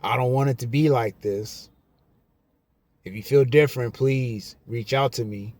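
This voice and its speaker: A man vlogger giving a casual, emphatic monologue to camera, slowing down and repeating his key lines. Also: mid-range voice, darkish tone. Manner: slow, repetitive, emphatic.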